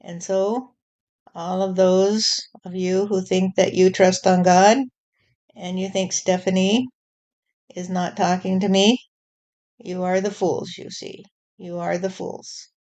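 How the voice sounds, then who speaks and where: God as a stern deity warning humanity, spoken by a woman who channels him. The delivery is very slow and measured, with a gravelly, creaky grain. The tone is dark and mellow, sitting a little low, and he keeps returning to "you see". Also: level tone, muffled recording. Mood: scolding. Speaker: spirit channeler. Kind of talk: channeled spirit message.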